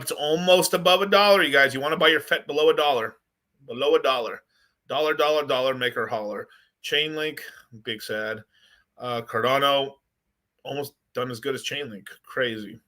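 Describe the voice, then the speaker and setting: A man hosting a casual crypto livestream, rambling and excitable as he chats with viewers. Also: mid-range voice, moderate pace.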